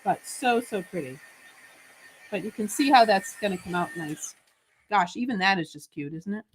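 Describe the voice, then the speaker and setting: A woman's voice: medium pitch, animated, moderate pace, noisy background. A chatty, bubbly woman hosting a live-streamed papercraft demo, answering viewer comments as she works and joking about herself. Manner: chatty, bubbly, self-deprecating, reads viewer comments aloud. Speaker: craft show host.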